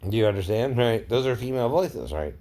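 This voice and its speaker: A man's voice: medium pitch, lively intonation, fairly quick, warm tone. A man who works as an impersonator talks casually to his viewers, keeps adding "right?" and chuckles often. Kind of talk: casual vlog monologue.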